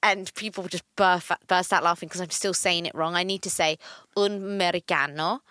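A young woman, co-hosting a podcast and chatting in an animated way. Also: lowish voice, brisk, no echo. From London. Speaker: podcast co-host. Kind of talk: casual chat.

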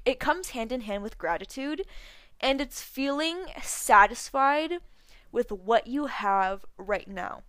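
A woman's voice: a little high, fairly bright tone, no room sound. A twenty-one-year-old woman hosting a solo podcast, chatting casually with a slight lisp and lots of fillers. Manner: chatty, lots of likes and ums. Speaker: podcast host.

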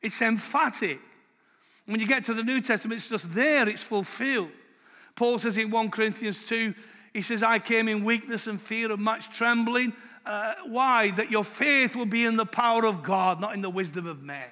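A man's voice: high voice, moderate pace. Emphatic preacher man in a reverberant hall. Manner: emphatic, swings from quiet to loud. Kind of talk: sermon.

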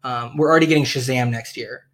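A young man from the United States chats as host of a relaxed podcast. He rambles and leans on fillers, and he laughs often as he talks. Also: mid-range voice, fast talker. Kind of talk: casual chat.

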